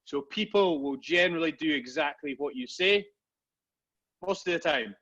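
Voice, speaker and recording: A man's voice: fairly high pitch, normal speed, fairly bright tone, lo-fi sound. A man co-hosting a casual podcast, rambling and swearing as he tells stories. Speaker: podcast co-host. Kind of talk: casual banter.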